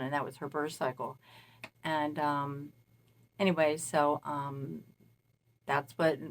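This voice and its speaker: Lady medium rambling thru a long story, kinda low voice, casual. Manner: meandering, recounts events at length. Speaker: self-described spirit medium. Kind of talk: casual spoken monologue.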